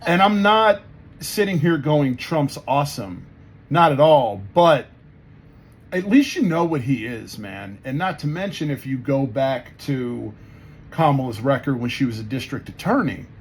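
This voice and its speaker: A man's voice: mid-range voice, expressive, measured pace, breathy edge. Blunt, swearing male podcast co-host. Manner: blunt, heated, heavy swearing. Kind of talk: casual political chat.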